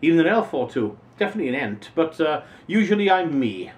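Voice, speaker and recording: A man's voice: on the high side, brisk. A male voice actor answering interview questions casually, lingering expressively over single words. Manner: expressive, savoring individual words. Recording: voice a bit distant from mic, faint noise.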